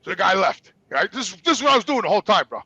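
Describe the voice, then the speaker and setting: A middle-aged man telling stories as a guest, profane, heated and animated. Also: high voice, very fast, slightly rough, no room sound, low-quality recording. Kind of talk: casual storytelling.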